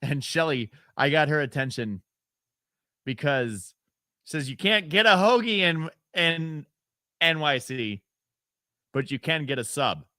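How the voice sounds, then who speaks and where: A man's voice: a little high, very animated, unhurried, long pauses, sharp tone, no room sound. A man from upstate New York hosting a radio talk show, opinionated and rambling, with fillers and sarcastic asides. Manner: mocks others by putting on their voices. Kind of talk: casual call-in talk radio.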